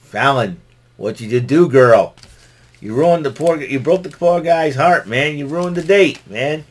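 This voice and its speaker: A man's voice: fairly high pitch, a little slow, pitched above the performer's own voice. A man voicing an indignant male wrestler who scolds someone in a raised, exasperated voice.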